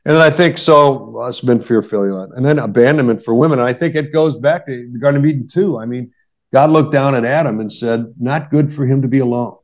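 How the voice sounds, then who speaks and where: A brisk, medium-pitched male voice belongs to a middle-aged marriage therapist earnestly unpacking conflict for podcast listeners. He illustrates with examples and keeps asking "right?" along the way, heard through dull lo-fi podcast audio.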